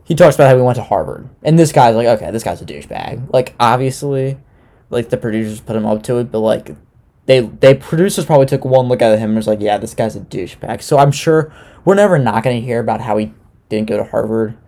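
A young man talking loosely and sarcastically, like a podcast host recapping television. His voice is mellow and dark, sitting at a middle pitch. He drops in a curse now and then without much fuss. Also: fast. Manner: loose, sarcastic, swears casually. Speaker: podcast host recapping a reality dating show. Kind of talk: casual chat.

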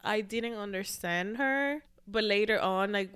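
A woman co-hosting a podcast in casual chat, animated, laughing often and swearing casually. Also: mid-range voice, a little slow, clear, resonant tone. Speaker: podcast co-host.

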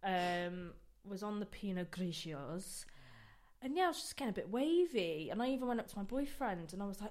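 A woman's voice: medium pitch, normal speed. Hungover young woman telling stories. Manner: animated, candid storytelling with swearing and laughter. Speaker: guest dance instructor. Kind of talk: casual podcast chat.

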